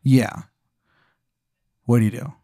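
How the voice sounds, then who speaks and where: A man's voice: mid-range voice, fairly even intonation, slow, mellow, no room sound, clean studio sound. A man improvising a story as game master, rambling with many fillers.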